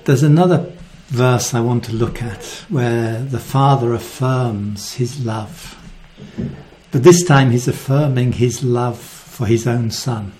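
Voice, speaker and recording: A man preaching a sermon, earnest and reflective, often dropping to a soft voice. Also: medium pitch, slow, slight background noise.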